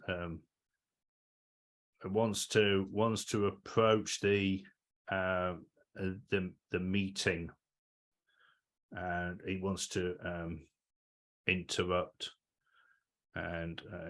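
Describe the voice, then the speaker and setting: Guy at a tabletop game, bright voice, lots of ums and uhs, kinda slow. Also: low voice, level tone. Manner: hesitant, many fillers. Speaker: player.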